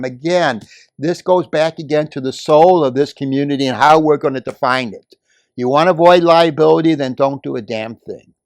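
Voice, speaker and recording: An older man speaking at a community meeting, telling a story and building to forceful, emphatic outbursts. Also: fairly high pitch, no room sound. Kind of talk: impassioned public comment.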